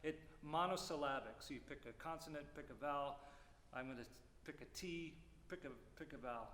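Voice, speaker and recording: A man teaching a music clinic, explaining phrasing and singing rhythms aloud with lively syllables. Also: on the high side, a little fast. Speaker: percussion clinician. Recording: roomy hall reverb, faint noise.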